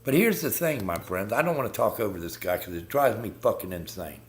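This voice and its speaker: A man's voice: on the low side, animated, a little fast, slight background noise. A man hosting a live stream, ranting bluntly and swearing constantly as he talks to viewers about politics.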